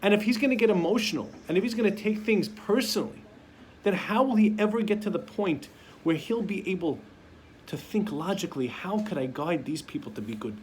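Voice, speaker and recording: A man's voice: high-pitched, expressive, brisk, a little mellow, slight background noise. A man giving a sermon as a rabbi, telling stories and acting out the voices of parents and children. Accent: Sephardic-community American English.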